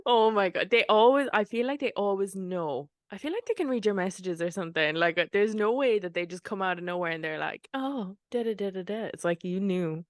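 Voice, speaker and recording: A woman in her late twenties co-hosting a podcast from bed, animated, laughing a lot and acting out what people said. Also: mid-range voice, brisk, hardly any pauses, no echo, clean studio sound. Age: late 20s. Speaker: podcast co-host. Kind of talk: casual chat.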